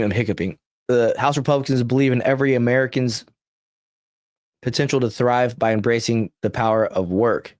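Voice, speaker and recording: An American man hosts a political livestream podcast, giving blunt, rambling commentary and reading posts aloud with offhand asides. His mid-range voice has a darkish tone and moderate pace, and the studio sound is clean, with no room sound.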